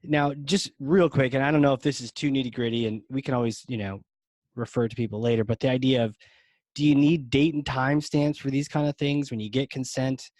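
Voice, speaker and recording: A man hosting a podcast with an ordinary mid-range voice. He is eager and enthusiastic, quick to agree and to steer the talk, recorded close and dry. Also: medium pitch, steady tone, darkish tone, no echo. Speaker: podcast host. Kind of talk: casual podcast interview.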